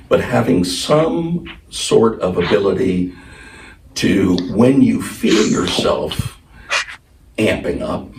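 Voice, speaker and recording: A man with a low voice tells a story to a group, rambling, laughing, filling gaps with ums and uhs. He sounds a little distant, in a roomy space. Noise hums clearly behind him. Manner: rambling and animated, with laughs and many fillers. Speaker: speaker sharing a personal story. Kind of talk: casual talk to a group.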